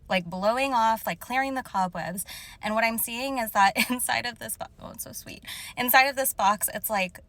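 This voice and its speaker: A young woman speaking casually as a spiritual channeler, emotional and halting, full of fillers as she describes images to viewers. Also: mid-range voice, fairly bright tone. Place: car.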